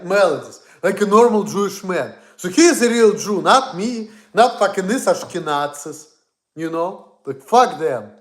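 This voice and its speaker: A man's voice: high voice, roomy sound. A man ranting in a blunt, profane, rambling way on a casual livestream. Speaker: streamer.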